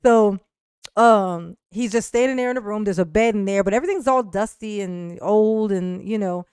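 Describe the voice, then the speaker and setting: A woman's voice: mid-range voice, moderate pace, darkish tone, clear, resonant tone, no room sound, studio quality. Laughing, rambling woman streamer. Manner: rambling, laughing often, frequent restarts and "like". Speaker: livestream host. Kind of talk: casual storytelling to a live chat.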